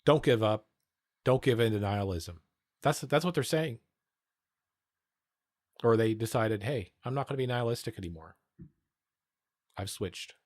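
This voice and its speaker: Streamer man, mid-pitched, sardonic and profane, rambling casual rant on a dry mic. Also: normal speed, long pauses, a little mellow, no echo. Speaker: livestreamer reacting to news.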